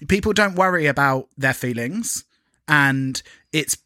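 Giggly animated male podcast co-host. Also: fairly high pitch, a little slow, dry recording, studio quality. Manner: animated, giggly, swears freely. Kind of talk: casual chat.

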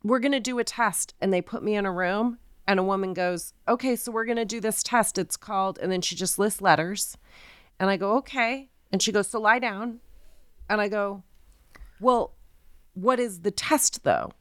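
Smooth-voiced woman telling a story. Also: medium pitch, normal speed, no echo, clean studio sound. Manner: animated storytelling, acting out quoted people. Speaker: podcast co-host. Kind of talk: casual chat.

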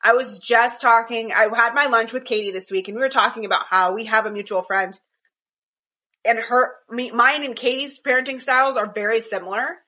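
A woman's voice: fairly high pitch, brisk, pushed and bright. A woman co-hosting a casual chat over a call, rambling with many restarts. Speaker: podcast co-host. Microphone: video call.

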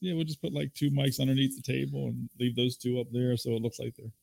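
A man's voice: mid-range voice, level tone, quick pace, vocal fry, darkish tone, no echo, rough recording. A man co-hosting a casual podcast chat, teasing his friends and laughing often. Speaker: podcast co-host.

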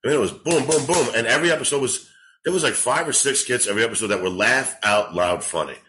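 A man's voice: mid-range voice, fast talker, poor audio. A man in his forties, a comedian, telling rambling, profane stories in a casual podcast chat. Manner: rambling, profane, animated storytelling. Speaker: comedian guest.

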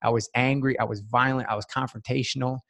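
A man's voice: medium pitch, flat delivery, fast, gravelly, fairly bright tone. A man, a guest in a casual interview, telling a personal story in an earnest, heartfelt way with many fillers. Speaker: podcast guest.

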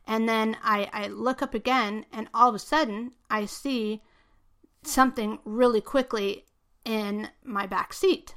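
A woman's voice: a little high, fairly even intonation, measured pace, fairly bright tone. A woman hosting a podcast, casually telling a true story from her life, with many "you know" and "okay?" asides. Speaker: podcast host.

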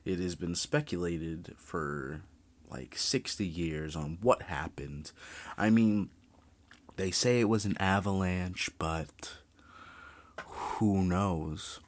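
A young man hosting a true crime podcast, ranting casually, animated and full of swearing. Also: sits low, takes it slowly.

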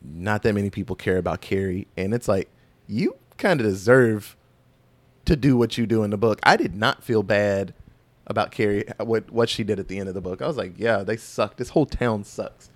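A man's voice: on the low side, normal speed. A man hosting a podcast, retelling a story in a folksy, rambling way with loose asides. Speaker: podcast host recapping a film. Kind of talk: casual chat.

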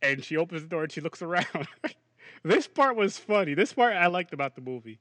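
A man hosting a podcast, chatting casually about a movie in a rambling, animated way and laughing often. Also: fairly high pitch, fairly quick, no room sound. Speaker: podcast host. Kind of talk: casual movie review chat.

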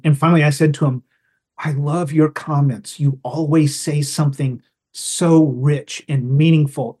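A man's voice: medium pitch, darkish tone, husky. A man, a guest on a podcast, talking in a casual, thoughtful way and explaining his ideas through examples and anecdotes. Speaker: guest storyteller.

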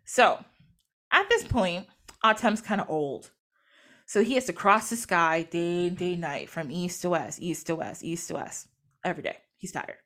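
A woman's voice: fairly low pitch, moderate pace, fairly bright tone. A woman host telling an old myth in a chatty, casual way, full of fillers and little laughs. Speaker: podcast host.

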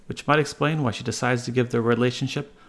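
A man's voice: mid-range voice, steady tone, quick pace. A man reading a scripted, wry and jokey episode recap. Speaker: podcast contributor.

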